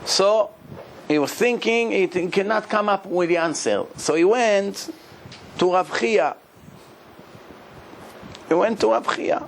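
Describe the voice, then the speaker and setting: A man's voice: high-pitched, slow pace, gravelly, long pauses, a little hiss or hum, low-quality recording. A man, a rabbi telling stories in a sermon, acting out the people in them and laughing often. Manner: animated storyteller, acts out the people in his stories, laughs often. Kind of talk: sermon storytelling.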